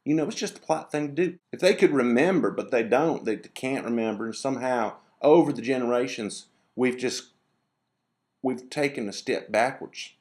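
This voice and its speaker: A man's voice: mid-range voice, normal speed, a little mellow. A man telling a meandering, digressive story to camera, restarting his sentences and grumbling about rude people. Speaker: vlogger. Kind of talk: casual rambling monologue to camera.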